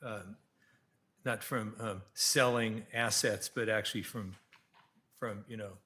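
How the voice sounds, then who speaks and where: Halting, bright-voiced male council member. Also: fairly low pitch, steady tone. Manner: halting, many restarts and fillers. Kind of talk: council deliberation.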